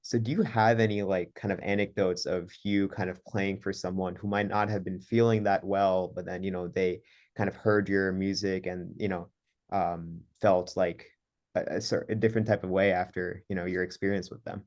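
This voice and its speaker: A podcast host with a low-pitched man's voice. He asks long, rambling questions and leans on fillers and hesitations as he goes. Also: flat delivery, normal speed, darkish tone. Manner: hesitant, many fillers and you-knows. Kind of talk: interview questions.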